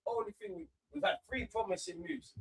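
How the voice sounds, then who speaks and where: A man hosting a live football watch-along, ranting excitably and swearing freely into a close mic. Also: very high voice, brisk, gravelly.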